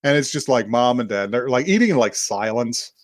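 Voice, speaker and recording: A man's voice: medium pitch, a little fast, dry recording. Guy on a podcast recapping a show, does the characters' lines, laughs a lot, dry close mic, mid voice. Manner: animated retelling, acting out characters' lines with laughs and swearing. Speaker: podcast co-host. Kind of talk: casual chat, recapping an anime episode.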